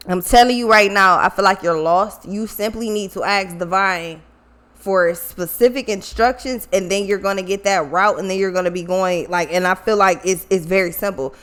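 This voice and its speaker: A woman's voice: mid-range voice, a bit bright. Blunt, cussing tarot reader woman. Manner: blunt, swears freely, repeats herself for emphasis. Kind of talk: casual spiritual tarot reading.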